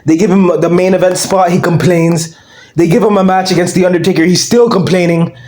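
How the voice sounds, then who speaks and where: A young man hosting his own channel, ranting in casual commentary, loud and excitable, swinging between shouting and mumbling. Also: high voice, brisk. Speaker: channel host.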